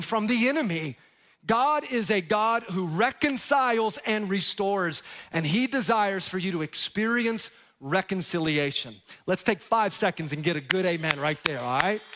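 A man preaching a sermon from the pulpit, his voice pitched high for a man. He drives his points home with sudden loud bursts and quiet drops, and tosses playful asides to the crowd. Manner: jokes with the crowd. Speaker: pastor.

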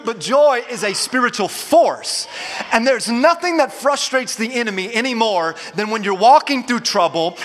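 A man's voice: sits high, fairly bright tone, long reverb tail. A man preaching a sermon as pastor, urging his congregation to respond and repeat words after him. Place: church auditorium.

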